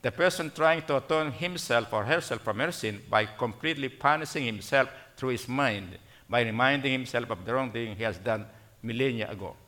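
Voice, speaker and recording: A male preacher delivers a sermon in a church, his tone bright and forceful. He repeats key phrases for emphasis and keeps asking the congregation "okay?". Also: mid-range voice, fairly quick.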